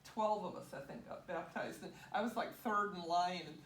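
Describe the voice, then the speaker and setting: A woman recounts a personal story in a casual, animated voice, often breaking into laughter and acting out the voices of the people she quotes. She is picked up from a distance in an echoing room, with steady background noise. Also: lowish voice, moderate pace. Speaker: guest sharing testimony.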